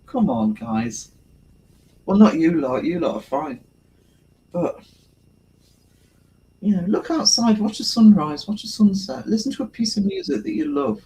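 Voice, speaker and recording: Chatty high-voiced man streaming. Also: big pitch swings, measured pace, long pauses, mellow, a little hiss or hum, rough recording. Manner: chatty, laughs often, many fillers. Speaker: livestream host. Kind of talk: casual livestream chat reading comments.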